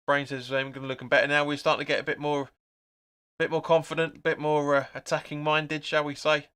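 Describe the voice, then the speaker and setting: The young man hosting this live football watch-along has a clean, somewhat high voice, a moderate pace and long pauses. He chats casually while calling the play and reading viewer comments, growing excitable at chances.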